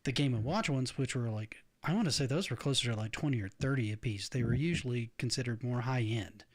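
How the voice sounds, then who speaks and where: A man's voice: mid-range voice, a little fast. A middle-aged man hosting a casual podcast chat, rambling with frequent restarts and laughing often. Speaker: podcast host.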